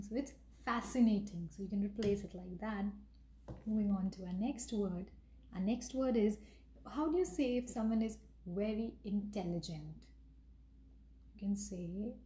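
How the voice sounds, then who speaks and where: Woman, vocabulary teacher, mellow dark tone, roomy echo, faint background hum. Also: medium pitch. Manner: explanatory, repeats examples, mixes in Hindi phrases. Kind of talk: casual online vocabulary lesson.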